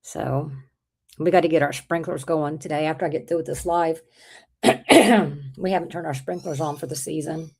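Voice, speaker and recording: A woman hosting a casual livestream, chatting with viewers, with an irritated throat she keeps clearing. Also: low-pitched, a little mellow. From Texas. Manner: chatty, rambling, reads out viewer comments. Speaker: livestream host.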